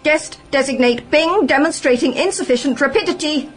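A woman's voice: high voice, normal speed, faint music behind, voice pushed up, close to an everyday voice. A woman voicing a bossy male trainer robot that barks clipped, officious commands.

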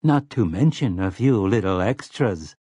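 A man's voice: mid-range voice, a little slow, no room sound, natural voice. A man voicing a prissy, complacent male robot servant in an audiobook, talking in a silky, fussy, self-satisfied way. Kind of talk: audiobook character voice.

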